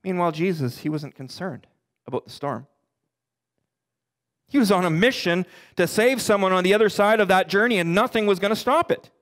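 A middle-aged pastor preaching a sermon earnestly, his voice climbing for emphasis and sinking low for the darker points. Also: fairly bright tone. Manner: earnest preaching, rising and dropping in pitch for emphasis; quotes scripture in slow deliberate voice.

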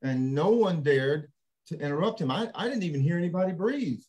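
A man with a fairly high-pitched voice hosts a casual panel discussion. He is animated and laughs easily, often slipping into acted-out quotes. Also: a little fast. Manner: animated, laughs while talking, acts out quotes. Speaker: panel host.

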